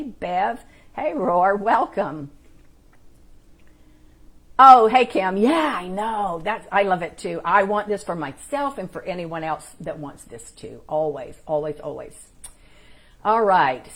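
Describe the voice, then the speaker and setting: A woman hosting a live-streamed spiritual teaching, talking informally and encouragingly, and greeting viewers in the chat by name. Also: lowish voice.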